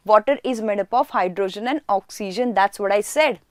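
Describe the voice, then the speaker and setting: A woman's voice: medium pitch, brisk, no room sound, clean studio sound. A woman teaching a chemistry class online, who asks questions and answers them herself and repeats key words for emphasis.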